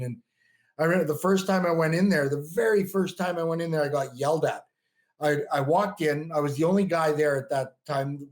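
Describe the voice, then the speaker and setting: A man's voice: on the high side, a little mellow. A middle-aged man, a bodybuilder and coach, telling stories as a podcast guest in a loose, rambling way full of restarts. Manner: rambling, frequent restarts and "you know". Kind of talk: casual storytelling interview.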